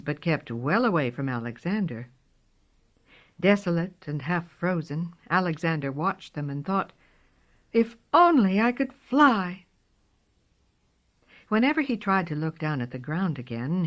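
Slow, expressive woman reading a storybook. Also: fairly low pitch. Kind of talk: storybook read-aloud. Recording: dull lo-fi recording.

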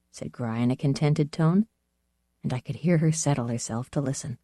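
An audiobook narrator reading a first-person fantasy novel in a measured, even storytelling manner. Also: mid-range voice, dry recording, clean studio sound.

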